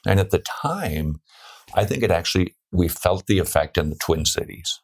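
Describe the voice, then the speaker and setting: Man with a very low voice, radio host, teasing and jokey, casual interview talk. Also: expressive, moderate pace. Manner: joking, teasing banter.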